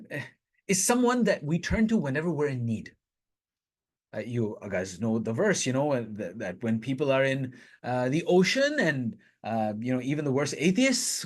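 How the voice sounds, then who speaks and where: A man's voice: mid-range voice, slightly rough. A man teaching a Quran lesson to listeners, explaining the verses step by step in a conversational way and reciting them in Arabic. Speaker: Islamic teacher.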